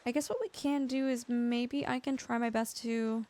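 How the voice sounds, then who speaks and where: A young woman talking through a live game stream, higher-pitched than most, chatty and quick to greet her viewers by name as she plays. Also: fairly even intonation, mellow.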